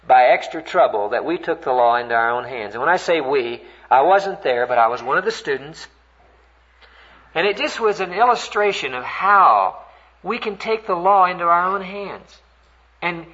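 An older man preaching a sermon, earnest and animated as he tells a story, voice climbing high when stirred. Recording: dull, lo-fi recording.

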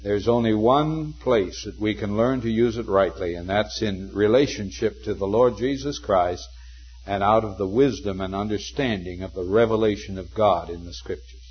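Older male preacher, husky voice, earnest sermon storyteller, dull old recording. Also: lowish voice. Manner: earnest storytelling, slows for scripture quotes.

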